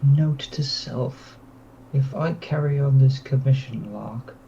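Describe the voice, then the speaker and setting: A Geordie man with a mellow, dark voice, talking in a dry, matter-of-fact way. His mic sounds dull and lo-fi, with a faint hiss behind it. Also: medium pitch, takes it slowly, gravelly. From North East England. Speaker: guest painter. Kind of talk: casual chat.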